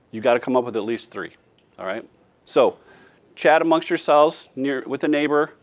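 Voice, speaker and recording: A man leads a church study group in a mid-pitched voice. He talks loosely, full of fillers and restarts, and keeps asking the class for answers. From former math teacher. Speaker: Bible study teacher. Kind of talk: leading a church group discussion.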